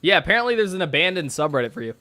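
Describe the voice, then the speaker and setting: A man's voice: a little high, sing-song, very fast, sharp tone. A man streaming from his bedroom, reacting to posts with sarcastic, mocking commentary and frequent laughter.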